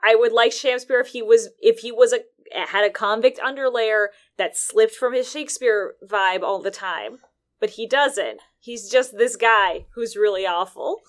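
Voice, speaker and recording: Wry woman podcaster, high voice. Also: a little slow. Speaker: podcast co-host. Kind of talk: casual game-review chat.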